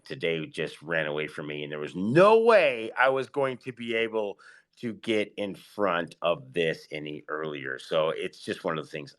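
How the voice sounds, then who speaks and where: Fired-up guy hosting a live audio chat, voice jumps all over, lots of slangy shout-outs. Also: low-pitched. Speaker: host of an online audio space.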